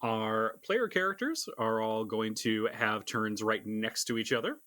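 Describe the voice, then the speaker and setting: Animated man running a tabletop game. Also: fairly low pitch, unhurried. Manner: playful, animated. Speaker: game master.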